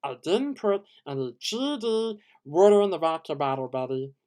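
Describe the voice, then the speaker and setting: A man's voice: fairly high pitch, brisk, lightly acted. A man doing an impression of an exasperated, defensive man who stammers and keeps repeating his partner's name. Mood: cocky.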